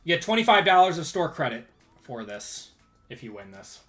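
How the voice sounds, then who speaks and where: Bright-voiced male card break host. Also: fairly high pitch, very animated, normal speed, soft background music. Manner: upbeat, rattles off lists. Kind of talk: live-stream card break recap.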